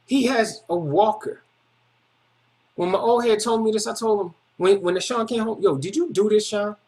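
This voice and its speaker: Emphatic high-pitched man, casual slang-heavy testimony, repeats himself. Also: moderate pace, a little mellow. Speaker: video testimony speaker.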